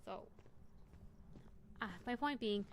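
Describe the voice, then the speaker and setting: Rambling young woman streamer, slightly high. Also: slow pace, a little hiss or hum. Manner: rambling, self-correcting, jokey. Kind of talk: casual storytelling while gaming.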